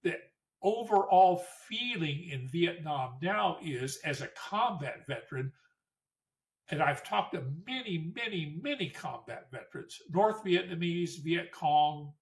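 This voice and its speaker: Older guy telling war stories to a crowd, kinda high voice, lots of restarts, mic a bit far off. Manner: storytelling, with restarts and emphatic repetition. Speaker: Vietnam War veteran speaker. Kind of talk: recounting war memories to an audience.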